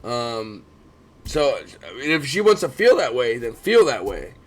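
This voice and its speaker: A man in his thirties co-hosting a casual sports chat, talking fast and swearing often. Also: medium pitch. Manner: profane, animated, keeps complaining he yawns. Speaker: podcast co-host.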